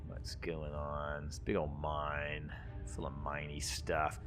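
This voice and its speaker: A man's voice: very deep voice, completely flat delivery, slow, over music. A man giving rambling, casual commentary while playing a video game, chuckling often. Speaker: gameplay commentator. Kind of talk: casual let's-play commentary.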